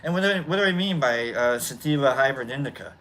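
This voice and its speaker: A man's voice: medium pitch, lively intonation, a bit bright. Rambling man hosting a casual chat. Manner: rambling, halting, many fillers and restarts. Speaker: host. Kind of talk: casual chat while smoking.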